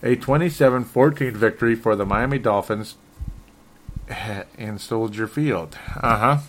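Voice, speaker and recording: A man's voice: mid-range voice, a little slow, slight background noise. A man hosting a solo sports talk show, sounding frustrated and rambling, often stumbling and correcting himself. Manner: restarts and self-corrections. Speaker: sports podcast host.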